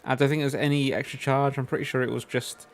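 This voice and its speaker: A man's voice: mid-range voice, little pitch movement, fast. Rambling English man chatting while gaming. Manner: rambling, anecdotal, many fillers. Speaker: streamer. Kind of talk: casual chat while gaming.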